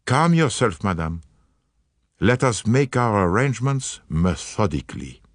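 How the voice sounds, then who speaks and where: A man's voice: on the low side, sing-song, a little slow, no echo, clean studio sound. A man doing a fussy, shrewd old detective. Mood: measured. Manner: formal, precise and methodical. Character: fastidious, shrewd older male detective.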